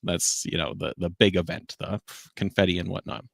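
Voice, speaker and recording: A male host with a low, gravelly voice chats casually on a live stream, laughing often as he talks. The sound is close and dry. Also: steady tone, moderate pace, fairly bright tone, no echo.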